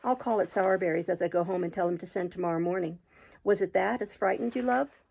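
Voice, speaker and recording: A woman reading aloud and voicing a pompous middle-aged male parish official who woos with smooth, coaxing, self-important words. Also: lowish voice, fast talker, a little mellow. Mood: indignant.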